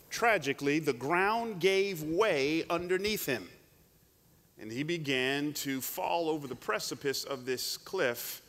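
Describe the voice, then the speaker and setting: A man preaching a sermon, telling a story with animated delivery and frequent restarts. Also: fairly high pitch. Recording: long hall reverb.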